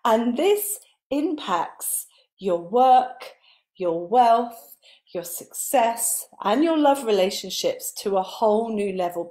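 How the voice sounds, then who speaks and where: This earnest live motivational talk comes from a woman spiritual coach with a medium-pitched voice. She develops her ideas through repeated lists, her voice sinking into a soft, breathy tone on important words.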